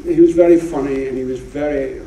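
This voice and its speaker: A man's voice: fairly high pitch, steady tone, a little fast, dark tone, slight background noise. A Scottish man in his seventies, a guest actor telling rambling anecdotes in an on-stage interview. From Scotland. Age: 70s. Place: theatre stage before an audience. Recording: roomy, distant live theatre recording.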